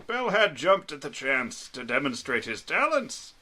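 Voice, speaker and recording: At a tabletop game, a man reads the backstory of a weathered, stiff, elderly male dwarf cleric, putting on a little old man voice in a storyteller style. His mid-range voice is pushed, bright and exaggerated, very animated yet at a measured pace, and the mood is solemn.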